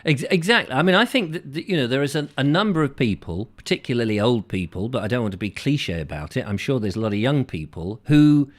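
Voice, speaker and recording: A man's voice: mid-range voice, lively intonation, fast, hardly any pauses. A middle-aged English man hosting a comic live chat show, rambling and acting out chatty shop exchanges. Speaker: host.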